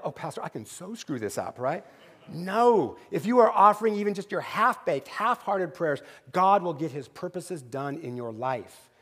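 Man preaching in a reverberant church. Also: high-pitched. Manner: conversational storytelling with asides like "right?"; drops to a quiet, slow prayer voice. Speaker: pastor. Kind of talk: sermon. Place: church sanctuary.

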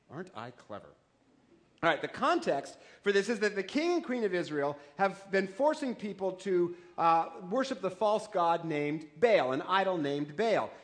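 A man in his forties, a pastor, preaching a sermon in a joking, conversational way with rhetorical questions. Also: high-pitched. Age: 40s.

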